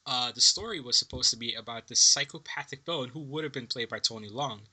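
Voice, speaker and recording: A man's voice: mid-range voice, quick pace. Laughing, swearing man on a film podcast. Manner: excitable, swears freely, laughs often. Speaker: podcast co-host. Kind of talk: casual film podcast chat.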